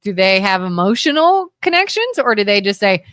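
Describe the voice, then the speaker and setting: A woman's voice: mid-range voice, moderate pace, no room sound. Chatty woman co-host with a dry studio sound. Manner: rambling, animated storytelling. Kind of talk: casual talk radio chat.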